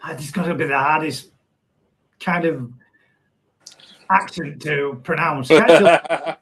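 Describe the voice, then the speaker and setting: A man's voice: a little high, fairly even intonation, measured pace, sharp tone, poor audio. Chatty man hosting from home. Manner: chatty, laughs often, reads comments aloud. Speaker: live stream host reading chat comments. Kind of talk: casual live chat.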